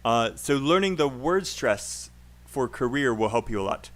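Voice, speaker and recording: A man's voice: mid-range voice, animated, a little slow, fairly bright tone. A man teaching English pronunciation in a live online class, encouraging and laughing often as he corrects students.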